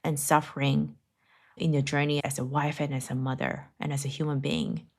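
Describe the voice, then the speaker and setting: A woman's voice: low voice, little pitch movement, moderate pace, darkish tone. A woman co-hosting a faith-based podcast, reflective and affirming as she talks. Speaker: podcast co-host. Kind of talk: faith-based casual chat.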